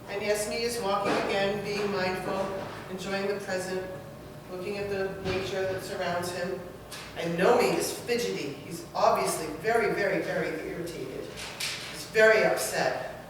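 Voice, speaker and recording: Woman telling a fable in a hall. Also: medium pitch. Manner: measured storytelling. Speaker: workshop speaker. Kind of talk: storytelling a fable. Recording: echoey hall, far from mic, noisy.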